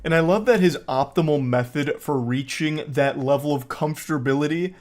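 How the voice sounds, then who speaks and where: A man doing reaction commentary, sarcastic and mocking as he riffs on a clip. His voice sits a bit higher than most men's. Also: normal speed. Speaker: commentary host.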